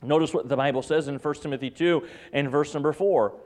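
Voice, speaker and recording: Preaching man, loud peaks and hushed drops. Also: fairly high pitch, a little fast. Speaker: pastor. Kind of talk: sermon. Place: church.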